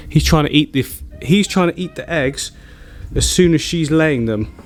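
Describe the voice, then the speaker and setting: Excitable chatty man. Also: a little high, normal speed. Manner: excitable, chatty, laughs often. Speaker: aquarium hobbyist vlogger. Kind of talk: excited casual vlog narration.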